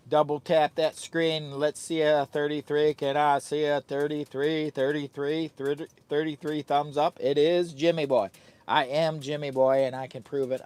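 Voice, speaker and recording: A man chatting live to his viewers while camping, in no hurry at all, drifting from jokes to asides to teasing his dog. His voice has a gravelly, rough edge, and he rambles in a loose, easygoing way. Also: medium pitch, darkish tone. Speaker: livestreaming camper and channel host. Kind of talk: casual live-stream chat. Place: tent at a campsite.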